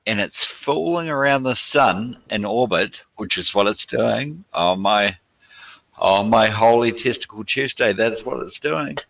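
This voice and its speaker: An Australian man argues in a loose online chat, his voice bright and ringing. He swears freely and sounds exasperated, pushing his point with loud outbursts. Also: fairly low pitch, animated, measured pace, gravelly. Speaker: helicopter pilot guest. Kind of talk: heated casual debate.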